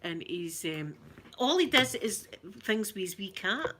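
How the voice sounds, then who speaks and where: A Scottish woman hosting a relaxed live stream, chatting and giggling as she answers viewer comments. Her voice is bright and forward. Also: mid-range voice, measured pace, slight background noise. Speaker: ASMR channel host. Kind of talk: casual live-stream chat.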